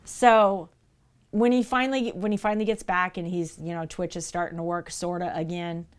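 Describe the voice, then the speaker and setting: Animated woman streamer telling a story. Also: lowish voice, moderate pace, clean tone. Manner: animated storytelling, addressing viewers directly. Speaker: live streamer. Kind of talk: casual chat.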